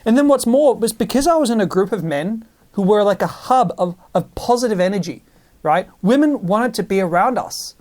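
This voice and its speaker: Animated man telling stories in a casual monologue. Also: sits high, moderate pace. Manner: animated storytelling with many restarts.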